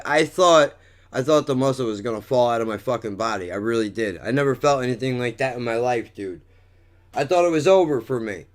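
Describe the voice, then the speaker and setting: A man rambling through a crude, profanity-filled vlog monologue, swearing and mocking himself. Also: medium pitch. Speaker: vlogger.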